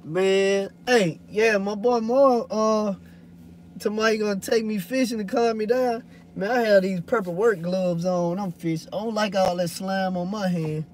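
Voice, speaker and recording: A man's voice: high-pitched, fairly even intonation, measured pace, darkish tone, slight background noise. A man, a hotshot truck driver chatting loosely to viewers in a rambling, swearing way. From Louisiana. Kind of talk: casual vlog chat answering viewers.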